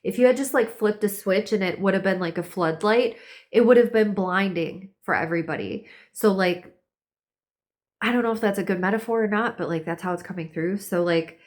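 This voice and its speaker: A woman's voice: mid-range voice, a little fast. Chatty woman giving a spiritual reading. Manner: chatty, lots of "like", acts out quoted voices. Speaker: tarot and astrology reader.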